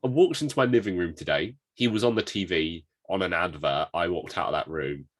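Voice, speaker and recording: A man co-hosting a podcast in casual chat, animated, telling anecdotes and joking around. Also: deep voice, fairly quick. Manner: animated, tells anecdotes, does impressions. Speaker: podcast co-host.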